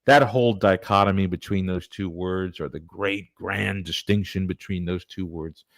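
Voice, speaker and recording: A man's voice: low-pitched, steady tone, normal speed, dry recording. A man presenting church history in an earnest, digressive, conversational lecture. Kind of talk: casual lecture.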